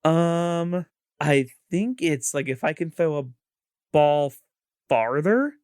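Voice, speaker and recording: A man's voice: a little high, slow pace, darkish tone, clear, resonant tone, dry recording, clean studio sound. A man co-hosting a podcast in casual chat, with a Midwestern American accent, playful and laughing often. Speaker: podcast co-host.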